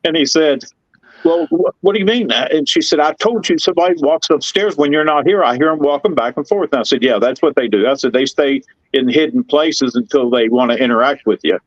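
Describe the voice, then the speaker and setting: A middle-aged man, telling rambling, excitable stories in casual chat. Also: mid-range voice, fairly quick, few pauses, dry recording, muffled recording. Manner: folksy, rambling, excitable storyteller. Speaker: guest telling paranormal stories.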